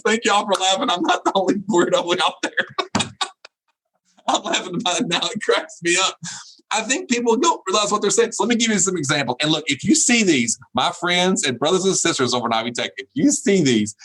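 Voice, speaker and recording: A man's voice: a little high, a bit bright, poor audio. A middle-aged man giving a humorous keynote speech. He laughs often at his own jokes and repeats phrases for emphasis. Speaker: keynote speaker.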